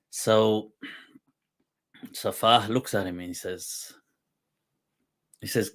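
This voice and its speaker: A male host telling a humorous historical anecdote in a relaxed, chatty way, often laughing as he goes. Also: lowish voice. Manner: laughing while retelling a humorous anecdote, quoting poetry; slow, unhurried delivery. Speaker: host and religious teacher. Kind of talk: casual storytelling talk.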